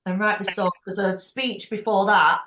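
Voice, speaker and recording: A chatty, frank woman runs a group call at an everyday mid pitch. Her voice carries a roomy echo, as if the room around her is bare. She talks in a casual, quick-laughing way. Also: steady tone, pushed and bright. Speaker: team leader hosting a group call. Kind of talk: casual chat.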